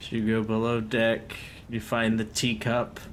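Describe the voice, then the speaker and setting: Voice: mid-range voice, completely flat delivery, measured pace, slight background noise. A game master narrating a tabletop game, often breaking into laughter.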